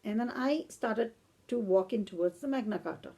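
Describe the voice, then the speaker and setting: A woman's voice: mid-range voice, expressive, normal speed, gravelly, warm tone, breathy edge. A woman from India, hosting a podcast and lecturing on philosophy in a reflective, storytelling way. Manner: reflective, storytelling, with a few self-corrections. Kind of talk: lecture-style podcast talk.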